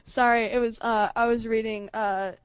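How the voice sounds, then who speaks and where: A young woman chatting on a podcast over an internet call, giggly and animated, telling stories and doing her friends' voices. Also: on the high side, moderate pace, clean tone, dry recording. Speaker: podcast co-host. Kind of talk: casual chat over a call. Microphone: computer mic on an online call.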